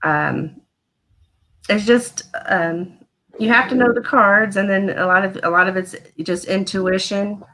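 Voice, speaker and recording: A woman's voice: medium pitch, a little slow, fairly bright tone, rough recording. A woman from Missouri, a tarot card reader guest, answering hesitantly with many ums. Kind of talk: casual interview.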